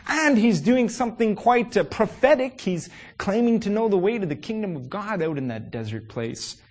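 A man preaching a sermon to his congregation. He is animated and emphatic, asks many rhetorical questions, and often pauses on "uh" fillers. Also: sits high.

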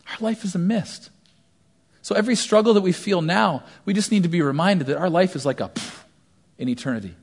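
A man in his thirties preaching a sermon, telling stories animatedly and swinging between hushed asides and loud shouts. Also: fairly high pitch. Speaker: pastor.

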